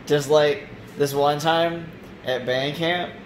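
A man's voice: fairly high pitch, steady tone, takes it slowly, a little hiss or hum. A man co-hosting a casual vlog, playful and joking with his friends. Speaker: vlog co-host.

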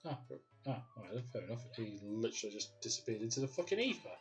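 Yorkshire gaming streamer, casual and sweary, laughs easily, faint game music under him. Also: male voice, mid-range voice, sing-song, fast talker. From Yorkshire, England. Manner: sweary, laughs often, talks to chat. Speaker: livestreamer. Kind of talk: casual gaming livestream commentary.

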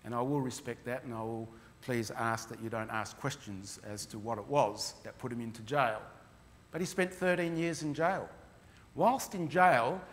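A man's voice: on the high side, a bit bright. A man telling heartfelt stories while presenting his mission work to a church. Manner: earnest, heartfelt storytelling. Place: church hall. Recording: long reverb of a hall.

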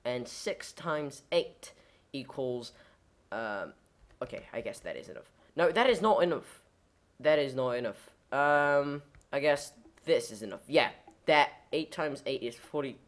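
Brief: woman, low voice with a lively, swooping pitch, casual rambling game commentary. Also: unhurried. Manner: rambling, goofy, self-correcting, lots of fillers. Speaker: gameplay commentator. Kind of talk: casual let's-play commentary.

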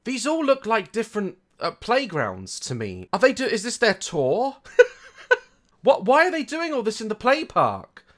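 A young man giving reaction commentary on a video, mocking it, swearing, laughing often and swinging between loud outbursts and muttered asides. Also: high-pitched, wildly swooping pitch, moderate pace. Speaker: YouTuber reacting to a music video.

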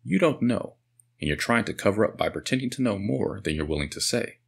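Guy reading sarcastic theater manager, pushy and needling, husky voice. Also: fairly low pitch, lively intonation, fairly quick, full character voice. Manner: challenging, needling.

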